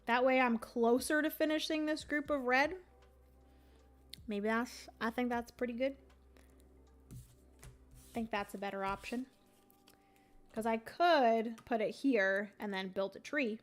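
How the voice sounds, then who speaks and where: A woman's voice: fairly high pitch, measured pace, pauses often, soft background music. A young woman hosting a livestream, thinking aloud as she plays a board game and chatting casually with her viewers. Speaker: livestream host playing a solo board game.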